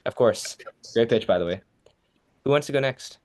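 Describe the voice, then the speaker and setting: A man's voice: medium pitch, animated, normal speed, darkish tone. A teenage boy presenting an online workshop, giving casual, encouraging feedback with many fillers over a video call.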